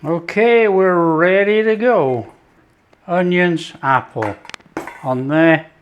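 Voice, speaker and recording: A man's voice: high-pitched, slow, dull audio, slight background noise. A man hosting his own cooking show, chatting casually as he prepares a dish. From not France. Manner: chatty, relaxed, talks while working.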